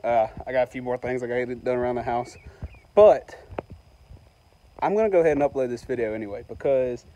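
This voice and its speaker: Outdoors by the water, a Louisiana man with a local accent vlogs casually to camera while fishing. His mid-range voice is warm and a little fast, with frequent pauses, and he jokes in a goofy, self-mocking way, even singing to snakes.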